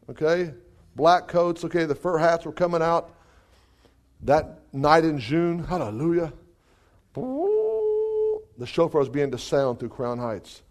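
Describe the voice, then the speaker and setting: A male preacher telling a testimony in a sermon, lively and dotted with hallelujahs and chuckles. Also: on the high side. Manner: animated, exclamations of hallelujah, chuckles.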